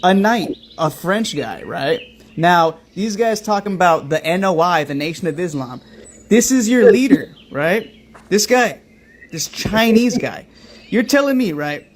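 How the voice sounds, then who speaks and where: A man's voice: high voice, expressive, measured pace. A man hosting a commentary stream, reacting to clips with an emphatic, profane delivery and a rhetorical "right?" after nearly every point.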